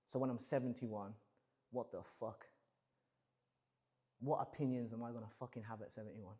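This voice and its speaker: A man's voice: medium pitch, fairly even intonation, normal speed, mellow. A man in his thirties musing casually and profanely on a livestream, rambling through big questions. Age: 30s. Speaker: streamer.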